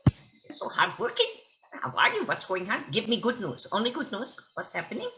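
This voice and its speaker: A woman's voice: medium pitch, huge pitch swings, normal speed, background noise, pitched above the performer's own voice. An actress doing an impression of a bubbly, relentlessly upbeat elderly woman whose sentences rise at the end. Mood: eager. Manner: chirpy, every sentence rising at the end.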